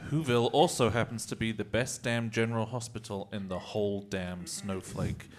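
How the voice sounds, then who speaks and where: A man's voice: lowish voice, steady tone, moderate pace. A man narrating stage directions at a live comedy reading in a mock-earnest way.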